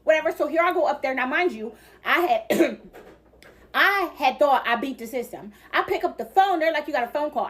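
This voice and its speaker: A woman telling a personal storytime in a casual, low-key confessional way. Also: fairly bright tone, a little hiss or hum.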